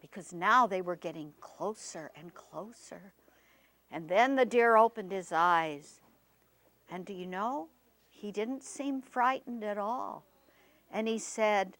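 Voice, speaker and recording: A woman storyteller telling a folktale expressively, with dramatic pauses. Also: mid-range voice, a bit bright, no echo.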